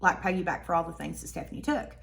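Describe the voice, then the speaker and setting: A woman voicing a flustered man who returns stolen money, speaking low and resigned. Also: fast talker, vocal fry, a bit bright.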